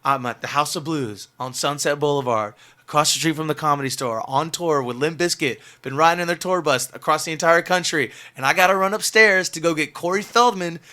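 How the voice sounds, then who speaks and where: A young male musician chats as a podcast guest, racing through his story with a bright, forward tone. His talk rambles and tumbles over itself, stacked with filler words, and sits somewhat high for a man. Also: brisk, hardly any pauses. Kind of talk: casual storytelling in a podcast interview.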